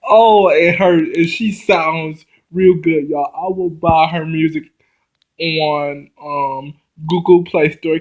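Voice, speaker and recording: A man with a fairly high voice talks his viewers through a reality show episode. He speaks slowly and loosely, addressing the audience directly and stumbling over restarts when a scene gets him going. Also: rough recording. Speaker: reality TV recap vlogger. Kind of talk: casual episode recap.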